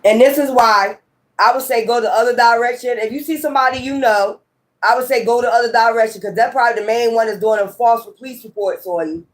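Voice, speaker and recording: A high-voiced woman talks to her viewers as a tarot reader in a loose, heated monologue. She presses her points hard, swears freely and circles back to the same phrases again and again. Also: fast talker. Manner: emphatic, profane and repetitive. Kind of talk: casual ranting monologue.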